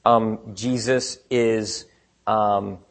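A man preaching a sermon in a conversational way, asking rhetorical questions and swinging between quiet asides and emphatic points. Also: on the low side, fairly even intonation, drawn-out words. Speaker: pastor.

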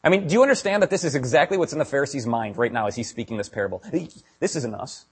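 A man preaching a sermon as pastor, talking casually to his congregation and building to loud, emphatic stretches. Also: medium pitch, rapid-fire, husky. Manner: animated, builds to raised emphatic delivery.

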